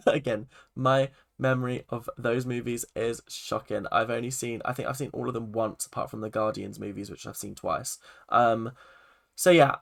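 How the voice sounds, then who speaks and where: Gravelly and fairly bright, this young man's medium-pitched voice stays fairly even as he talks at a moderate pace. Reviewing a TV episode casually, the film and TV critic rambles with plenty of "like" and restarts.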